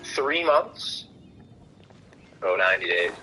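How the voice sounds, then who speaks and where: A young man streaming a game, chatting casually, loud and excitable with plenty of swearing. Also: deep voice, faint music behind, rough recording. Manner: loud, profane, excitable, quick to laugh. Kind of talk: casual chat while gaming.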